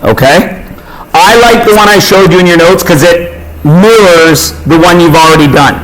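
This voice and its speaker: A man's voice: high voice, moderate pace, a bit bright, rough recording. A man teaching a math class in a casual way, often checking in with the students. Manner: informal, checks in with tag questions. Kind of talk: classroom lecture.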